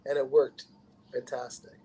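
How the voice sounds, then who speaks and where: A man from Canada with a Canadian accent, chatting casually and rambling, his lines trailing off quietly at the end. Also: medium pitch, flat delivery, normal speed, husky, low-quality recording. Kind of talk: casual livestream chat.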